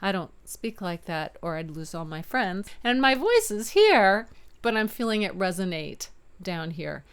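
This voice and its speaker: A woman's voice: mid-range voice, lively intonation, measured pace, smooth. A middle-aged woman voice teacher giving an upbeat video lesson in her home studio, sometimes singing to show her registers. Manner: upbeat, demonstrates chest and head voice by singing.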